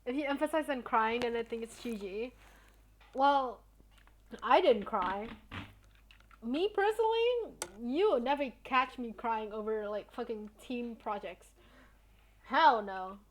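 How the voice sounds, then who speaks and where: A woman's voice: on the high side, expressive, measured pace, a little hiss or hum. A young woman streamer chatting casually with her viewers, telling a story in a blunt, indignant way and swearing often.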